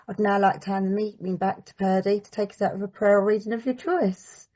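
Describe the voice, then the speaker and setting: A woman chairing a recovery meeting, thanking the speaker and reading a prayer in a calm, measured way. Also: medium pitch, muffled recording.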